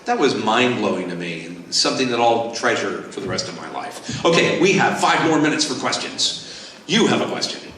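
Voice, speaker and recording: A man in his sixties from Southern California, a voice actor telling lively stories at a convention Q&A panel on a handheld mic. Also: mid-range voice, moderate pace, slight background noise. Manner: lively, animated storyteller. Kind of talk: convention Q&A storytelling. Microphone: handheld microphone. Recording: echoey hall, voice from far off.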